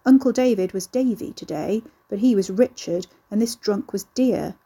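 A woman narrating an audiobook in an even, measured reading. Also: mid-range voice, husky.

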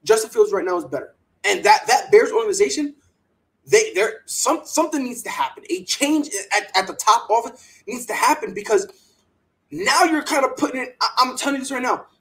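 A man's voice: extremely high pitch, a little fast, rough recording. A man hosting a sports podcast, ranting with strong opinions and mocking quotes in a put-on voice. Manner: animated, heated rants with mocking put-on quotes. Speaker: podcast host.

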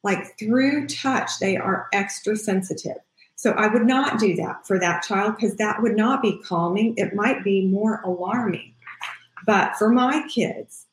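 A middle-aged woman hosting a parenting podcast as a child therapist, talking casually and acting out the things she says to kids. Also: mid-range voice. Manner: warm, conversational, acts out what she says to kids. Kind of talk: casual advice talk. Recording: echoey room.

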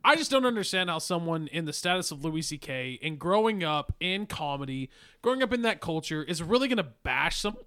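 A man co-hosting a podcast in casual chat, crude and excitable. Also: on the high side, brisk, clear, resonant tone. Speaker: podcast co-host.

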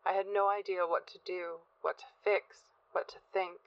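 A woman reads a first-person horror story aloud at a measured, tense pace. Her voice sits low, and the recording sounds dull, close and dry, with no room echo. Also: flat delivery. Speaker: narrator. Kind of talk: audiobook narration of a horror story.

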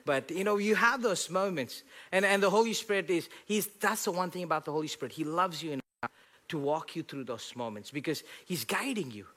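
A man preaching a sermon, animated, laughing at his own stories, rising loud when quoting scripture and dropping soft for asides. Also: a little fast. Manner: rises loud and high when quoting scripture, drops soft for inner dialogue. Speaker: pastor.

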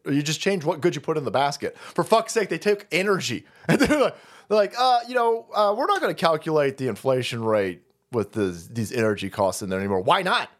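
A man ranting on his stream in a high, animated voice. He swears constantly and mocks his targets. His delivery leaps up and down. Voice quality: foul-mouthed, loud and mocking. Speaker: stream host. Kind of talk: ranting political commentary stream.

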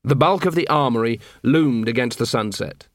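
A man's voice: mid-range voice, moderate pace, no room sound. Man narrating an audiobook, dry close sound. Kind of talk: scripted narration.

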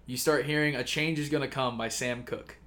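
A man co-hosting a podcast in casual chat, pitching a movie plot in a profane, rambling way. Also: steady tone, a little fast, fairly bright tone. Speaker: podcast co-host.

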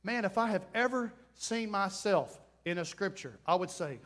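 A man preaching a sermon, animated, acting out little scenes and voices. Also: sits high, moderate pace, hardly any pauses. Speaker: pastor.

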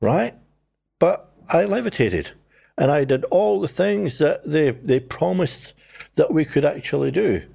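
An older man, telling his life story in a relaxed conversation and acting out the voices of people in it. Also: fairly high pitch, a little slow, vocal fry. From New Zealand. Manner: animated storyteller, acts out his own past voice and others. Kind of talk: conversational testimony.

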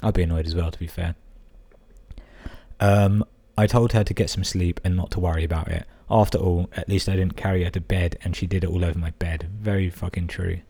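Deep-voiced, sweary podcaster. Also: male voice, fairly even intonation, brisk, dark tone, breathy edge. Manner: crude, sweary, amused interjections. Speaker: podcast host. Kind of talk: reading listener emails with commentary.

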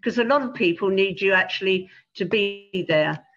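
An older woman, a retired pastoral carer, speaking gently and hesitantly with frequent ums and restarts. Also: medium pitch, normal speed. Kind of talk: casual conversation. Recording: dull lo-fi call audio.

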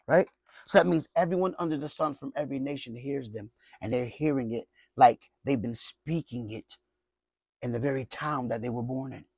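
A man's voice: medium pitch, husky, no echo, low-quality recording. A male pastor preaching a sermon and reading scripture aloud, emphatic and conversational, often asking the congregation rhetorical questions.

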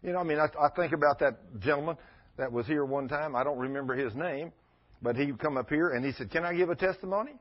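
A man with a husky, slightly breathy voice preaching in a folksy, storytelling way, jumping into lively voices for the people in his tales. The recording is dull and lo-fi, like an old church tape. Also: mid-range voice, quick pace. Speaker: pastor. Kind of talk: sermon.

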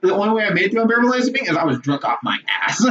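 A young man co-hosting a podcast in casual chat, animated and swearing a lot, laughing often. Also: high voice, rapid-fire. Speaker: podcast co-host. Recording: muffled lo-fi audio with faint noise.

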